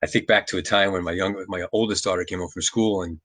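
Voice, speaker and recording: A middle-aged man giving a reflective motivational talk on mindfulness, gentle and earnest, often repeating his phrases. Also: deep voice, fairly even intonation, fast, dry recording. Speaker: mindfulness speaker.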